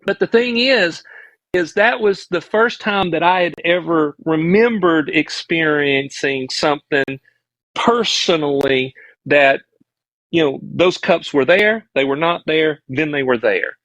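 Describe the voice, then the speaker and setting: A middle-aged man with a Southern US accent, guesting on a podcast, recounts a childhood story in an earnest, rambling way, frequently restarting sentences, as casual storytelling on a live stream. His voice is slightly high for a man and a bit bright, and he speaks at a measured pace. The recording is dry and close, with almost no room echo.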